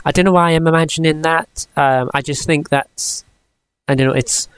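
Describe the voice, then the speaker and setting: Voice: fairly even intonation, moderate pace, clear, resonant tone. A vlogger, telling stories in rambling casual chat that keeps interrupting itself. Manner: rambling, self-interrupting, often drops into high squealing impressions. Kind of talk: casual storytelling vlog chat.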